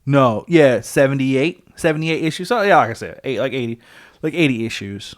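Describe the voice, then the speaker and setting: A man co-hosting a podcast in loose, casual chat. His pitch jumps around as he talks, and he swears now and then while he works out his thoughts aloud. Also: normal speed. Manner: animated, swearing, thinks aloud. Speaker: podcast co-host.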